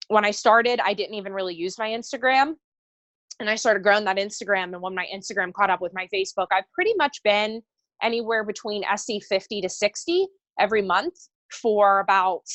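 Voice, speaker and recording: A woman in her thirties tells her business story to a group call in a casual, filler-heavy way. She is emphatic and sometimes emotional, at an ordinary mid pitch. The sound is close and dry. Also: fairly bright tone, no room sound. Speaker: network marketing coach. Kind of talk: motivational testimony on a group call.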